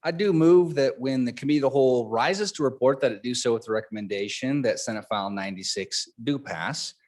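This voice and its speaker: Man, average pitch, committee chairman, relaxed, bit rambling motion. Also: a little fast. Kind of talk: formal floor motion. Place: legislative chamber.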